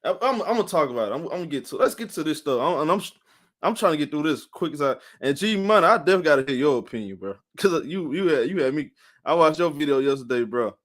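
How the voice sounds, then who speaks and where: A tired man narrates his live sports stream loosely and ramblingly, repeating words and naming viewers as he goes. His voice sits a little high for a man and sounds worn out, yet he is expressive, talks fast, and has a somewhat bright tone.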